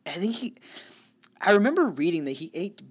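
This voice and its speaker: A man's voice: high-pitched, very animated, brisk, slightly rough. A man co-hosting a true crime podcast, telling the story in a loose, profane, joking way. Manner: loose and profane, with dark jokes. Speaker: podcast co-host.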